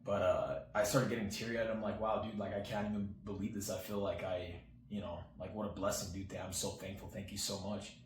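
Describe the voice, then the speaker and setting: A man's voice: lowish voice, little pitch movement, a little fast, few pauses. A young man telling a personal story to his viewers in a casual, rambling way, full of fillers, acting out what his friend said. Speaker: channel host. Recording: roomy echo, faint background hiss.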